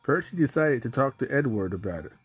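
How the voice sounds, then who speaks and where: Guy reading a kids book out loud, husky voice, trips on words sometimes, faint music under it. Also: medium pitch, lively intonation, a little fast. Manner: stumbling over words, plain delivery. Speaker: storybook reader. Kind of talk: reading a children's book aloud.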